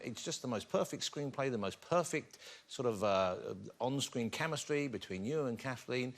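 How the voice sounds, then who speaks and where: A man hosting a TV chat show, teasing his guest with quick interjections. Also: mid-range voice, animated. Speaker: talk show host. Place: TV studio with audience. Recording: loud studio audience and noise.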